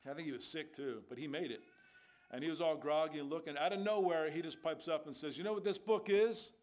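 A man preaching a sermon in a voice pitched somewhat high. He tells stories from his street ministry and drives each point home with rhetorical questions. His delivery is emphatic and conversational. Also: fast.

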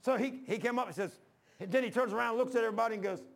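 A man's voice: very high-pitched, very fast, gravelly. A male pastor preaching a sermon in a church, telling folksy stories and acting out the dialogue. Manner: folksy storytelling, acts out dialogue.

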